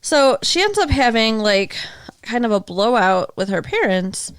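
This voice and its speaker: A woman's voice: on the high side, sing-song, measured pace, clean tone, dry recording, studio quality. A young adult woman co-hosting a podcast, chatting casually about a film, saying "like" a lot and laughing often. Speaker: podcast co-host. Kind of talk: casual chat recapping a film.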